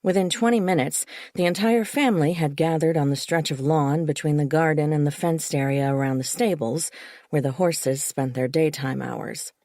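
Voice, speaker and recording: A woman reading a first-person psychological thriller audiobook in a steady, measured way. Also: low voice, no room sound, studio quality. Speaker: audiobook narrator. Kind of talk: first-person scripted narration.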